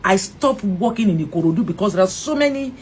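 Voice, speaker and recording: A middle-aged Nigerian actress with a mid-range voice talks fast while telling an emotional story in an interview. She's animated, acting out what others said and restarting often, and there's a little hiss or hum on the audio.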